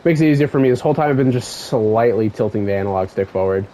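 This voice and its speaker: A man's voice: medium pitch, fast, slight background noise, poor audio. A young man recapping a game plot while playing, rambling with many restarts and profane outbursts. His voice sits in a middle register and jumps up when he gets heated. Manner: rambling, profane, excitable asides. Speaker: let's play gamer. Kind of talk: casual game story recap.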